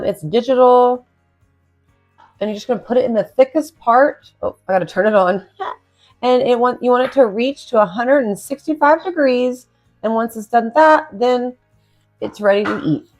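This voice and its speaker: Chatty woman hosting a cooking video. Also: fairly high pitch. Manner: chatty, enthusiastic, addresses viewers as guys. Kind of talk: casual cooking demonstration. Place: home kitchen.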